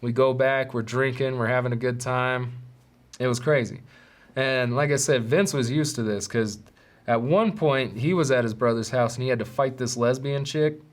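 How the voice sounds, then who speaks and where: A man hosting a podcast, telling a story in a casual, animated, profane way with street slang. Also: mid-range voice, normal speed. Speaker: podcast host.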